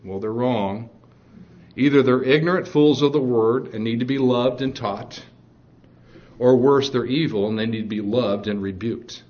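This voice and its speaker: A man's voice: medium pitch, moderate pace, darkish tone, lo-fi sound. A man preaching a sermon in an earnest, emphatic way, with fillers and restarts.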